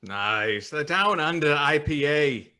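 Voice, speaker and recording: Man co-hosting a casual beer podcast. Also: a little high. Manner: relaxed, halting, many fillers, reads viewer comments. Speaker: podcast co-host. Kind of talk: casual live-stream chat.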